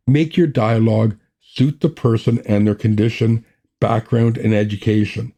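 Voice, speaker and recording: Mellow-voiced man teaching writing. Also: fairly low pitch, fairly even intonation, normal speed. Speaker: writing podcast host. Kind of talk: scripted teaching talk.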